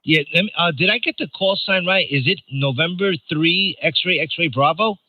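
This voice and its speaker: A man's voice: a little high, dull audio. Older man hosting a ham radio net. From New York. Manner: chatty, joking, reads call signs slowly. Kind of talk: casual radio chat. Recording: noisy radio transmission.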